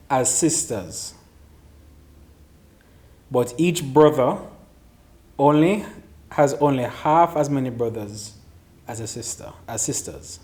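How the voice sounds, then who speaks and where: A man's voice: mid-range voice, a little mellow. Man hosting a casual riddle chat. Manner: teasing, laughs often. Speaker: host reading riddles.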